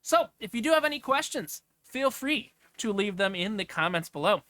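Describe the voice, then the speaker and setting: A man's voice: high voice, very animated, moderate pace, bright, forceful tone, no room sound. A man giving casual, off-the-cuff commentary as he clicks through travel listings, rambling with asides. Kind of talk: casual screen-share commentary.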